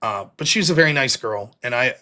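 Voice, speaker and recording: A middle-aged American man hosts a late-night stream and tells an embarrassing story in a loose, profane way, laughing as he goes. His voice is bright and his pitch swings widely. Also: fast. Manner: profane, animated, laughs often. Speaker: livestream host. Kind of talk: casual storytelling.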